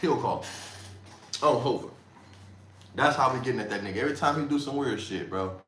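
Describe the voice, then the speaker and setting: A man in a mid-range, slightly bright voice hosts a livestream fairly quickly, chatting loosely in slang, trash-talking and laughing a lot. A little hiss or hum accompanies the echoey room's faint ambience.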